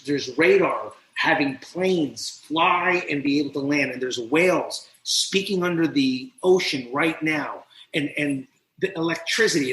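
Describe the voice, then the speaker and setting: Animated, profane man telling his story. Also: fairly high pitch. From New Jersey. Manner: animated, profane, acts out quoted voices. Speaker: podcast guest, recovery mentor. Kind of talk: personal storytelling in an interview. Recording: roomy echo.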